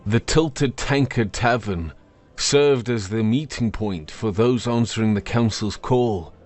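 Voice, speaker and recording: A man narrating a fantasy story in a measured, expressive storytelling manner. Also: on the low side.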